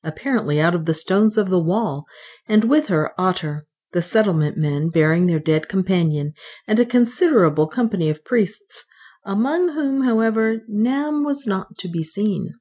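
A woman narrating a classic adventure novel in a measured, clear reading. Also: mid-range voice, expressive, mellow. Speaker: audiobook narrator. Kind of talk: audiobook narration.

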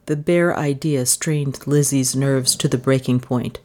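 A woman's voice: extremely low pitch, fairly even intonation, measured pace, a little mellow. A woman reading a mystery novel aloud as an audiobook narrator, telling the story expressively. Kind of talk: scripted narration.

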